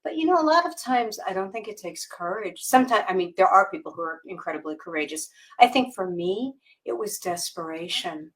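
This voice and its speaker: Woman, podcast guest, candid personal story, halting speech, frequent fillers and restarts. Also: medium pitch, lively intonation. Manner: candid, halting, many fillers and restarts, laughs while telling. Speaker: guest author.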